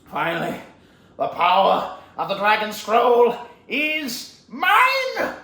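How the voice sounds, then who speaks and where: A man voicing a menacing male snow leopard villain from an animated film, shouting and dragging out his words. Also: extremely high pitch, slow pace, pitched above the performer's own voice, exaggerated voice. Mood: gloating. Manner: shouted, dragged-out, gloating delivery. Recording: roomy echo, faint ambient noise.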